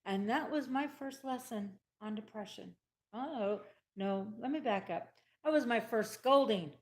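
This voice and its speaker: A woman's voice: fairly high pitch, unhurried, darkish tone. A woman telling a personal story in a casual, emphatic way, repeating her points and acting out the dialogue she quotes.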